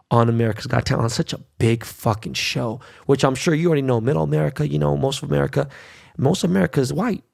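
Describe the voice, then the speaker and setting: Brash middle-aged male podcast host, gravelly, foul-mouthed solo rant. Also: medium pitch, darkish tone. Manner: brash, profane, ranting.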